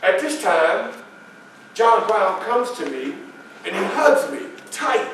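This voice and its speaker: Frederick Douglass, as a male reenactor plays him on stage, recalls his life in a fairly high voice. He speaks slowly and holds dramatic pauses. The sound comes from far off in an echoey room with faint ambience behind. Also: sing-song, background noise, full character voice. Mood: earnest. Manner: storytelling, dramatic pauses, emphatic. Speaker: historical reenactor. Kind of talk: first-person stage monologue. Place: library meeting room, live audience. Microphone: far camera.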